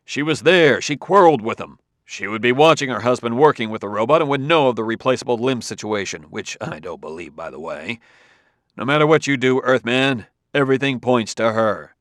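A man's voice: mid-range voice, animated, brisk, a bit bright, dry recording, natural voice. A combative male official snaps his objections, voice raised and heated, as a man reads him aloud. The recording is dry and close. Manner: heated, challenging.

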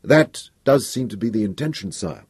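A man voicing a calm, deferential minister. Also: mid-range voice, slightly rough, dry recording, studio quality. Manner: measured, polite, unruffled. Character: calm, deferential adult male first minister. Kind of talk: audiobook character voice.

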